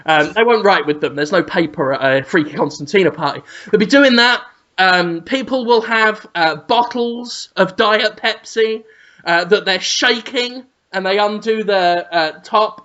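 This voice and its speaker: A woman co-hosting a podcast, playfully spinning an absurd scenario and acting out sounds and shouts. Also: medium pitch, moderate pace. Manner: teasing, spins an absurd scenario, acts out sounds. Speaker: podcast co-host. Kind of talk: playful comic storytelling. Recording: slightly muffled podcast audio.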